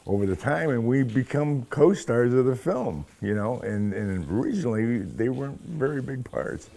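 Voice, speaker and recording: An older man, an actor, telling animated, profane anecdotes in an interview and acting out the quotes. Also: mid-range voice, normal speed, gravelly.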